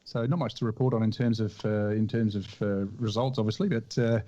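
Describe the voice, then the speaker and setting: A man's voice: fairly low pitch, fairly even intonation, a little fast, dark tone, lo-fi sound. A man co-hosting a podcast, chatting in a rambling, loose way and laughing often. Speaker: podcast co-host. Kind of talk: casual chat.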